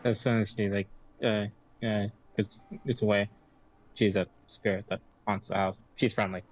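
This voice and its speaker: A man speaking as a player in a tabletop game, halting with many fillers. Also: fairly low pitch, flat delivery, low-quality recording. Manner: halting, filler-heavy speech.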